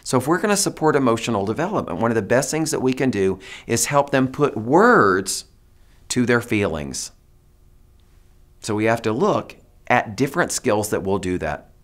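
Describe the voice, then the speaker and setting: Male teacher trainer, mid-pitch, lively and demonstrative, coaching a room. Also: moderate pace. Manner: animated, demonstrative, coaxes audience to repeat phrases. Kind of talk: presentation to teachers.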